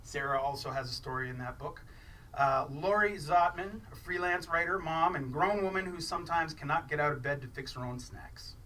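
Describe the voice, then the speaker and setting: Bright-voiced man introducing a reader. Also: fairly high pitch, normal speed. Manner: relaxed, with filler uhs. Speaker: event host introducing the reader. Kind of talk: live introduction. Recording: faint noise, voice a bit far from the mic.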